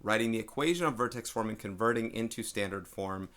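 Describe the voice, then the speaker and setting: A man's voice: lowish voice, fast, fairly bright tone. A man, a math teacher, explaining a lesson step by step to his students.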